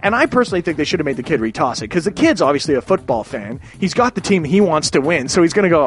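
A man's voice: on the high side, very animated, quick pace, few pauses. A man from Canada ranting in a rambling, profane way, with many restarts and sudden exclamations. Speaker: ranting commentator.

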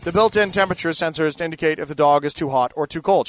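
A man's voice: fairly high pitch, fast talker, few pauses, faint music behind. A man reading tech news aloud and breaking off into profane, sarcastic asides as a podcast host.

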